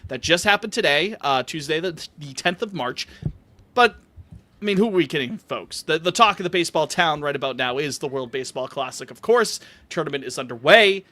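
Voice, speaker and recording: Bright-voiced upbeat man hosting a podcast. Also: on the high side, expressive, fairly quick. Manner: upbeat, joking, rambling asides. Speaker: podcast host. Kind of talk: casual podcast chat.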